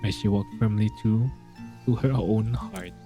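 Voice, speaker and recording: A man voicing a gentle, solemn female star goddess, reading her game lines in a soft, formal and grave way. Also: on the low side, a little slow, faint music behind. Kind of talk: reading game dialogue aloud.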